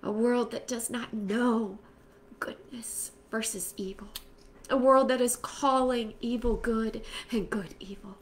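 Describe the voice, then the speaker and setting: A woman leading a spoken prayer for a women's group, calling out loudly at times and dropping to a whisper at others. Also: on the high side, steady tone, slow pace, a little hiss or hum. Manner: swings from loud fervent calls to soft whispered prayer.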